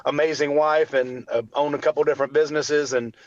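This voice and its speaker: A man's voice: a little high, fairly even intonation, a little fast, dry recording, dull audio. A man in his forties, a guest telling his personal story earnestly, with faith woven in and other people's words acted out. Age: 40s. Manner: earnest, faith-filled, acts out quotes of others.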